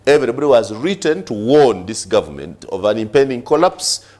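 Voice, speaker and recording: A man's voice: mid-range voice, very animated, fairly quick, darkish tone. A Ugandan man on a press review talk show, arguing hard and firing off rhetorical questions, switching between English and Luganda. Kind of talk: studio press review debate.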